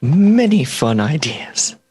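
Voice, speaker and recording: A man's voice: on the high side, sing-song, slow, noisy background. A man playing his character in a tabletop game, earnest, curious and a bit hesitant. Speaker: player voicing his character. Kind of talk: in-character tabletop role-play.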